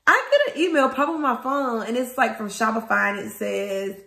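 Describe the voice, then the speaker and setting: Animated woman telling a storytime. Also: a little high, moderate pace, gravelly. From Louisiana, US. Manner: animated, addresses viewers as guys and y'all. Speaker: small business owner vlogger. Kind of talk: casual storytime vlog. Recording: echoey room.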